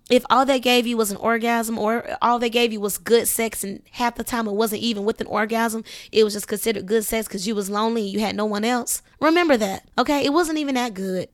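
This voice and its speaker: A woman hosting an astrology podcast, talking in a casual, emphatic way, piling up rhetorical questions and checking in with "okay". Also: on the high side. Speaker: podcast host.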